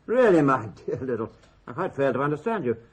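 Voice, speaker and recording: A man's voice: mid-range voice, big pitch swings, brisk, husky. A man playing a pompous, flustered upper-class country host in a radio drama.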